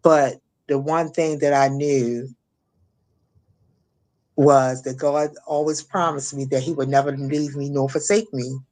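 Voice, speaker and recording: A woman's voice: very deep voice, steady tone, darkish tone. A middle-aged woman from Maryland speaking as an interview guest, telling a painful personal story with frequent restarts and fillers. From Maryland, USA. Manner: halting, many restarts and fillers. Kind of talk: emotional personal testimony.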